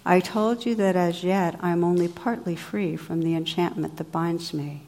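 A grave, gentle enchanted lady with a slow and sweet delivery, as a woman reads her aloud. She speaks in measured, formal phrases in a slightly low voice, in a storybook reading. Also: lightly acted.

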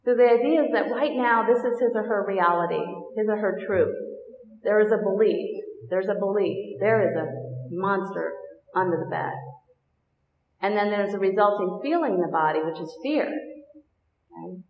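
A woman meditation teacher giving a dharma talk to a group, gentle, unhurried and reflective. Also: mid-range voice. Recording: echoey hall, dull lo-fi sound.

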